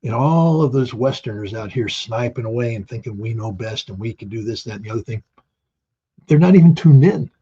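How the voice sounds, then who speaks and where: A man's voice: mid-range voice, expressive, fairly quick, warm tone, husky. A middle-aged man giving blunt, emphatic political commentary as an interview guest, hammering points through repetition. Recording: dull lo-fi sound.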